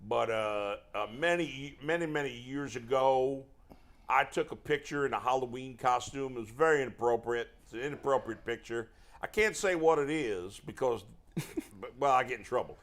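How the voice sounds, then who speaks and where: A man's voice: medium pitch, moderate pace, a bit bright, lightly acted. A man playing an elderly male baseball manager in a put-on Southern accent, rambling through a confession. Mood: confessing. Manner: rambling, self-interrupting confession.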